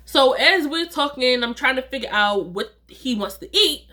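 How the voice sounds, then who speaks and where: A woman telling a personal story in a casual vlog, chatty and animated, acting out the dialogue and talking straight to her viewers. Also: high-pitched, normal speed. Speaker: vlogger, storyteller.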